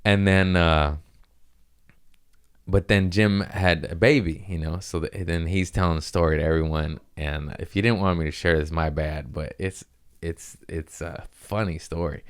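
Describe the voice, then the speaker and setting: A man's voice: low voice, steady tone, unhurried, clear, resonant tone. A young man hosting a podcast, telling a rambling, profane story and laughing at his own jokes. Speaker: podcast host. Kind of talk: casual storytelling monologue.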